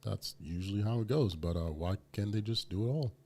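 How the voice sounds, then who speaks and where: A man's voice: fairly low pitch, fairly quick, dark tone. A man co-hosting a podcast, talking casually and emphatically with many fillers. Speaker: podcast co-host.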